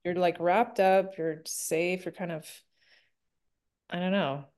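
A woman's voice: on the low side, steady tone, slow pace, a little mellow. A woman chatting casually as an interview guest, giggly and full of fillers. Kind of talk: casual chat.

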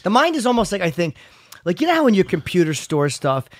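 Fast-talking joking man on a podcast. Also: sits high, very animated, no room sound, studio quality. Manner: quick, joking banter. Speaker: podcast co-host. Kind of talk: casual chat.

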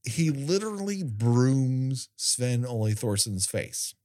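A man hosts a casual podcast and recaps a TV episode with biting sarcasm and frequent profanity. His pitch leaps up and down as he riffs. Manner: animated, profane, sarcastic retelling with quick asides. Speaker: podcast host.

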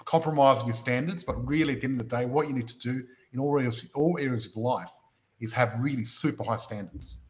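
Australian male podcast host, casual, story-driven, middle pitch. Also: fast. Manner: storytelling, rhetorical questions. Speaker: podcast host and property investment mentor.

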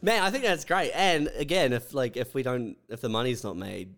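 A man's voice: mid-range voice, moderate pace, a bit bright. A man, laid back, talking ideas through with lots of fillers in podcast banter. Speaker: podcast co-host. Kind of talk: casual banter.

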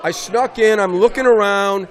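Middle-aged coach, high-pitched, animated storyteller who punches key words. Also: male voice, normal speed. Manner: animated storyteller, raises voice for emphasis. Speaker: basketball coach, guest. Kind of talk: casual interview conversation.

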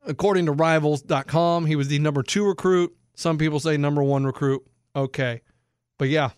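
A man hosting sports talk, animated and incredulous as he explains bets to listeners. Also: a little high, moderate pace, smooth, dry recording, clean studio sound. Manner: excitable, incredulous, explains for non-bettors. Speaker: sports radio host.

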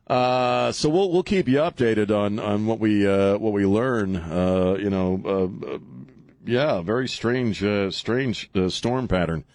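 A man's voice: lowish voice, takes it slowly, a little mellow, no room sound. A man hosting a talk radio show, chatting casually with many fillers and restarts. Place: radio studio. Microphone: studio microphone.

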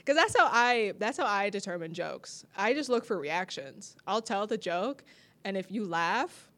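A woman's voice: medium pitch, animated, measured pace, a bit bright. Laughing woman comedian in casual chat. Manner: laughs often, acts out quoted people. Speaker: comedian, podcast guest.

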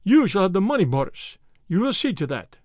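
A man voicing a cold conspiracy leader who speaks softly with sibilant tones. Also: sits high, very animated, fairly quick, no room sound, studio quality. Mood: cool. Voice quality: soft, sibilant.

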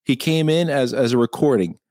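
A man's voice: medium pitch, a little fast, a little mellow, dry recording, clean studio sound. A man co-hosting a casual live-stream chat, ranting and swearing freely. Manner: profane, ranting. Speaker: co-host.

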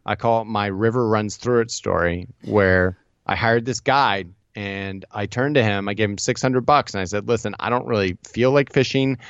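Man, low-pitched, lively interview guest on a dull, dry line. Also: clean tone, dry recording. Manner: energetic storyteller, quick asides and restarts. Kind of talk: casual interview chat.

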